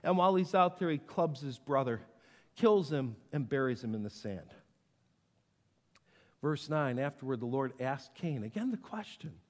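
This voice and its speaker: A man preaching a sermon in an animated way, acting out the voices he quotes. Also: fairly high pitch, unhurried. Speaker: pastor. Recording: long hall reverb.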